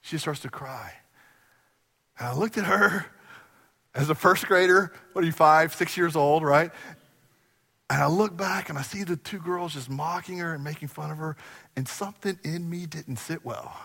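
A man preaching from the church stage, his voice bright and a touch high for a man. He tells his stories with energy, jumping to loud, excited bursts and then dropping to quiet, earnest asides. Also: moderate pace, vocal fry, in a large hall. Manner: animated storytelling, swinging between loud bursts and quiet asides. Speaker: pastor. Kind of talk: sermon. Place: church sanctuary.

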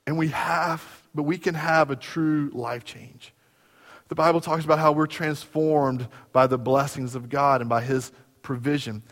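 Male pastor, sermon, storyteller, somewhat high pitch, reverberant sanctuary. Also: a little slow. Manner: storytelling, animated, swinging from quiet to loud. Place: church sanctuary.

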